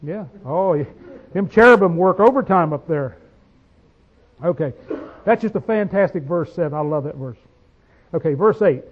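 A high-voiced, expressive preacher gives a folksy, homespun sermon, reading scripture in slow, drawn-out phrases before breaking into quick call-and-response asides and rising declarations. He swings from quiet to loud, and the audio is dull and lo-fi.

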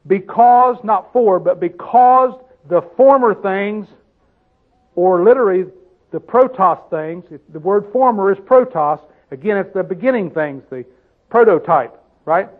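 Guy preaching a sermon, kinda high voice, sounds like a phone recording, keeps asking "right?" and "true or false?". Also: phone-quality sound. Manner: asks the listeners questions constantly, slows to stress scripture. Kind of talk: sermon, Bible teaching.

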